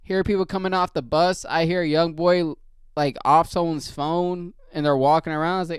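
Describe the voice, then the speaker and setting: A man casually telling a rambling, profane story as a podcast host, in a low-key way. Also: steady tone, moderate pace, clear, resonant tone, no echo, studio quality.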